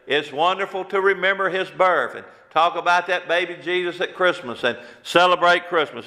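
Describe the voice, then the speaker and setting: Bright-voiced older man preaching in a reverberant hall. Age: 60s. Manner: slows and drops low for quoted lines, folksy preaching cadence. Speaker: pastor. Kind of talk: sermon. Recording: long reverb of a large room.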